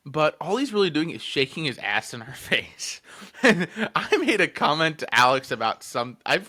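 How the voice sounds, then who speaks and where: Lively, bright-voiced young man telling a story. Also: fairly high pitch. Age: 20s. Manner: profane, laughs often, lots of fillers. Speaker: podcast co-host. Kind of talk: casual podcast storytelling.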